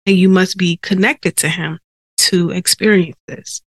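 Lowish and steady, with a breathy edge, a woman's voice unhurriedly relates her personal testimony as host of a faith podcast. She speaks earnestly and conversationally, and the dry recording's sensitive microphone captures held breaths and sighs.

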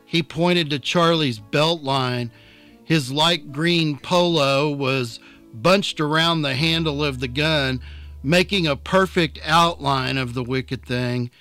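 A man narrating an audiobook chapter in a calm, unhurried storytelling manner. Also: on the high side, faint music behind.

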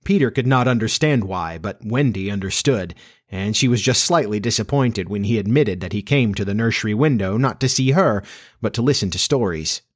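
Man reading a storybook aloud, lively. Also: on the low side, moderate pace. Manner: lively, expressive. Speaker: narrator.

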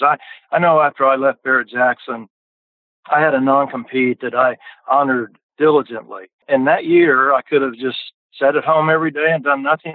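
A man's voice: mid-range voice, no echo. An older man telling car stories on a podcast in a folksy way, often repeating words as he starts. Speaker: podcast guest. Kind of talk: casual storytelling. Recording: dry, tinny phone line.

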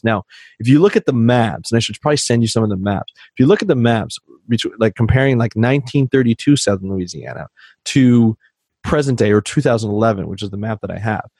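A man from Canada telling stories in casual conversation as a podcast guest, animated and acting out the dialogue he quotes. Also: on the low side, no room sound. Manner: animated storyteller who acts out quoted dialogue. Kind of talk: casual storytelling chat.

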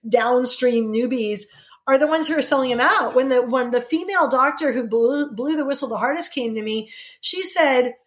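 Fervent, indignant middle-aged woman. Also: moderate pace. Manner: fervent and indignant, with sharp rises in pitch. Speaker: guest. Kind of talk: impassioned interview answers.

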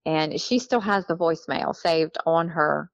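Gravelly low-voiced woman telling a story. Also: a little slow, no room sound, highs cut off. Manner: chatty, laughs often, acts out quoted people. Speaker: guest telling her story. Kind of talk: casual storytelling.

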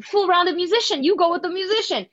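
A woman singer from New Jersey, talking candidly over a video call and telling animated stories with quoted asides. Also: extremely high pitch, fast talker, dry recording, lo-fi sound. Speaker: singer interviewed as guest. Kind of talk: casual video-call interview.

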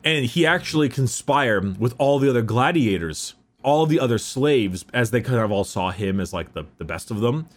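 A man's voice: mid-range voice, lively intonation, normal speed, few pauses. A man casually telling a long story, rambling with fillers and restarts.

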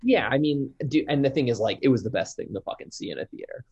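Man, husky voice, casual movie talk, enthusiastic, swears a lot. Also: medium pitch, expressive, quick pace, a little mellow, dull audio. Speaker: podcast co-host.

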